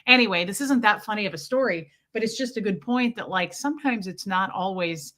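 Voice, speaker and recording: Bright-voiced chatty woman livestreaming. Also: medium pitch, expressive, fairly quick. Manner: chatty storytelling, greeting viewers mid-sentence, jokey. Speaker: livestream host reading chat. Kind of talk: casual livestream chat.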